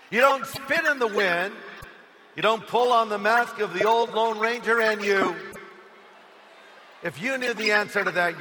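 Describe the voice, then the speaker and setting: A male pastor with a high, bright voice preaches to a stadium, telling stories in a lively way and raising his voice for quoted lines. The sound rings with a long reverb, and faint noise sits under it. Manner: storytelling preacher, booming on acted quotes. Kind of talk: stadium sermon. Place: outdoor stadium.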